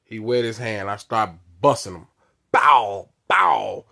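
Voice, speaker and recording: A man's voice: fairly low pitch, slow, gravelly, sharp tone. A man telling a story in casual speech, with blunt, repeated phrasing, acting out the dialogue as he goes. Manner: acts out dialogue with many quoted lines; repetitive, blunt, punchy phrasing. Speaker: storyteller recounting his past.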